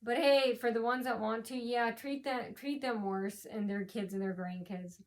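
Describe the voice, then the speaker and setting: A woman's voice: a little high, steady tone, moderate pace. A woman vlogger who is tired from lack of sleep, telling a rambling personal story full of fillers, restarts and repeated words.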